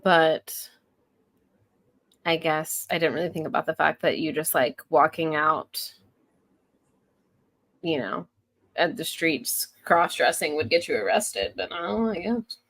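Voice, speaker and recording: A woman's voice: sits low, measured pace, pauses often. A woman in her thirties co-hosting a podcast, chatting casually and acting out quotes with laughs. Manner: animated, laughing, acts out quotes. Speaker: podcast co-host. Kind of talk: casual chat.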